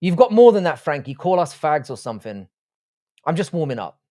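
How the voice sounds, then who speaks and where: A man's voice: on the high side, very animated, brisk, warm tone. Foul-mouthed man bantering on stream. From England. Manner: profane mock-insult banter. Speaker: live streamer. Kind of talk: casual live-stream chat, reading out chat.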